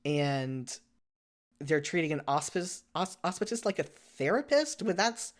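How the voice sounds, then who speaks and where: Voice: mid-range voice, lively intonation, a little slow. A podcast co-host in casual chat, rambling with lots of "like" and frequent self-corrections.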